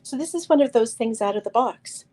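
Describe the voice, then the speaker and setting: A woman with a slightly high, animated voice talks briskly over a noisy background while hosting a live crystal sale. She chats with many fillers and restarts, addressing viewers by name as she shows stones.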